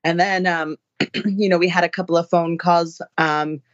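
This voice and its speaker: A woman powerlifter, a guest in a casual interview, telling stories excitedly with laughs and acted-out quotes. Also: fairly low pitch, moderate pace, no room sound, lo-fi sound. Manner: excitable, laughing storyteller, acts out others' voices.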